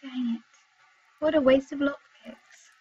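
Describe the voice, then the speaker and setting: A young woman from Wales chatting with her viewers while commenting on her gameplay, excitable and talkative, in dull lo-fi home stream audio. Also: high-pitched, slow. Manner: chatty, excitable, exclaims at the game. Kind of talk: live gameplay commentary and chat.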